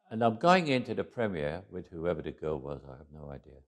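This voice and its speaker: An Englishman in his 80s, appearing as a guest in a storytelling interview, shares anecdotes with frequent restarts and chuckles. His voice is low, very animated, and fairly quick.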